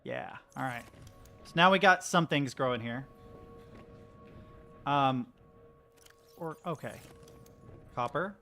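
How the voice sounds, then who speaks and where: A man's voice: mid-range voice, lively intonation, slow pace, long pauses, pushed and bright, faint music behind. A young American man chatting casually to his stream while he plays a game. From United States. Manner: chatty, rambling, talks to chat. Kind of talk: casual gameplay commentary.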